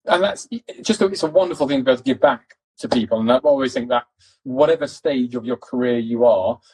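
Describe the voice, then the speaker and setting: Guest, English man with a posh accent, rapid mumbling delivery, casual swearing, a bit husky. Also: medium pitch, a little mellow, poor audio. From East London, England. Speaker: cinematographer guest. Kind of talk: casual conversation.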